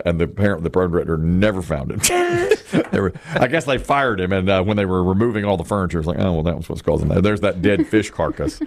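A man hosting a talk show, chatting casually about odd news and laughing along. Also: lowish voice. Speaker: radio host.

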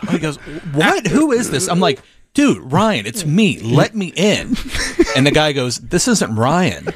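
A man's voice: a little high, measured pace. A man on a radio show telling a funny story, acting out what each person said. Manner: animated anecdote teller, acts out quotes. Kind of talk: casual storytelling.

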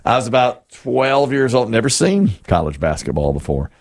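A man's voice: medium pitch, big pitch swings, normal speed. A middle-aged man from North Carolina hosting a sports talk radio show, telling stories with playful exaggeration.

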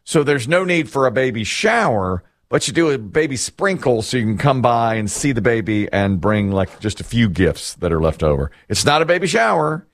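A man's voice: medium pitch, big pitch swings, normal speed, few pauses, dry recording, clean studio sound. Middle-aged man telling rambling stories. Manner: rambling storyteller, self-deprecating, laughs often. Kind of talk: casual chat.

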